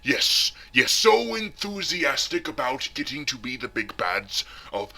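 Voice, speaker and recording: A man playing a pompous, self-pitying heavyset villain who vlogs, talking theatrically and swinging between hushed whispers and shouts. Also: medium pitch, big pitch swings, unhurried, creaky, breathy edge, heavily acted. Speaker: comic villain vlogger. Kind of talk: parody character vlog.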